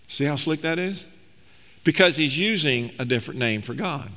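A man's voice: fairly high pitch, expressive, moderate pace, pushed and bright. A man preaching a sermon as pastor, reading scripture aloud and explaining it with emphatic, rising delivery. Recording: long reverb of a large hall.

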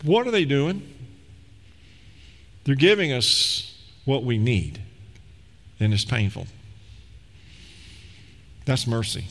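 A man preaching a sermon as pastor, telling stories with lively swings between loud, rising passages and hushed, low ones. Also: unhurried, long pauses. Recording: long echo of a large hall.

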